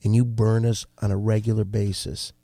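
Angry gravelly podcast host. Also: male voice, fairly low pitch, flat delivery, moderate pace, dark tone, no room sound. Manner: angry, blunt, swearing. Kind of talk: heated podcast confrontation.

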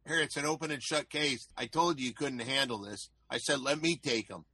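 A man's voice: mid-range voice, fairly quick, pushed and bright, breathy edge, no room sound. A man hosting a comedy show, taunting and swearing at the others. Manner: taunting, mocking, profane.

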